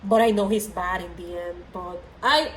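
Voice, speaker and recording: A young woman ranting excitedly about a book series on her vlog, rambling and gushing with lots of fillers. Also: fairly low pitch, moderate pace, slight background noise. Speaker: book vlogger. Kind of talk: excited casual rant. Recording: echoey room with faint ambience.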